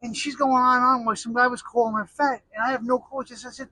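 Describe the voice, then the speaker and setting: A man's voice: very high voice, fairly even intonation, fast, hardly any pauses, sharp tone, no echo, poor audio. A middle-aged American man telling rambling, jokey stories in a casual monologue, full of restarts and asides. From United States.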